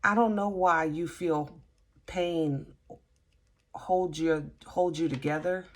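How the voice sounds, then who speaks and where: A woman giving a casual tarot reading, halting and gently reassuring, often restarting her sentences. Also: low voice, fairly even intonation. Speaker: tarot reader.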